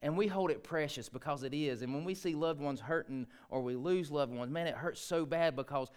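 Preacher guy, smooth ringing voice, a bit high, gets loud then drops way down. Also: brisk. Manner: impassioned preaching, rising to near shouts and dropping low. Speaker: pastor. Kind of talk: sermon.

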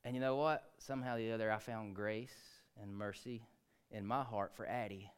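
A man, preaching a sermon, swinging between hushed, quiet lines and loud, rising ones. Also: lowish voice, steady tone, moderate pace, clean tone. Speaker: pastor.

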